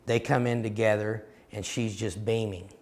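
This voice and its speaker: A man delivers a storytelling sermon in a low, gravelly voice. He is emphatic and direct, like a seminar teacher speaking plainly to his listeners. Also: steady tone, normal speed, a little mellow. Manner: recounts dialogue, emphatic and direct.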